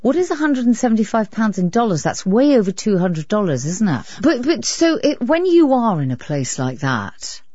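A woman hosting a radio arts show, asking questions in an inquisitive, brisk way. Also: mid-range voice, big pitch swings, dark tone, breathy edge, dry recording. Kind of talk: radio interview. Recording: dry, dull sound with faint music.

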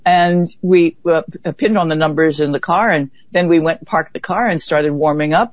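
A woman being interviewed, telling a vivid story in a lively way and acting out what others said. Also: on the low side, a little fast, few pauses, no echo. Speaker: interview guest. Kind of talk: conversational storytelling. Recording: dull, dry lo-fi recording.

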